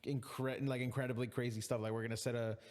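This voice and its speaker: A man's voice: medium pitch, level tone, fast, darkish tone. Laid-back man in a reverberant room. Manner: laid-back, joking, lots of fillers. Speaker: podcast host. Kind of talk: casual chat.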